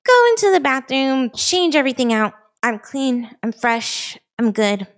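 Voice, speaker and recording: A young woman narrating a personal story in a casual, animated, exasperated way. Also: high-pitched, unhurried. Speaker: vtuber storyteller.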